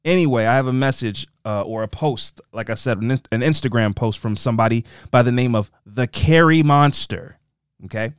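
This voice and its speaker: Rambling man with a smooth, clear voice. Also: mid-range voice, normal speed, no room sound, studio quality. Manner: rambling, self-interrupting and animated. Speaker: podcast host. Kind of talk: casual podcast chat.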